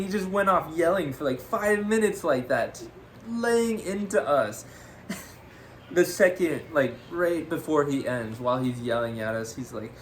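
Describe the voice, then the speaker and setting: A man's voice: on the high side, measured pace, slight background noise. A young man co-hosting a podcast, telling a story casually and animatedly, laughing often. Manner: animated, laughs often, says "freaking" a lot. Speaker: podcast co-host.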